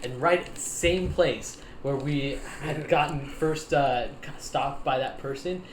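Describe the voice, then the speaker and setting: A young man casually telling a story to friends on a podcast, animated, laughing often and acting out the people in it. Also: medium pitch, measured pace, a little hiss or hum. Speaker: podcast host. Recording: echoey room with faint ambience.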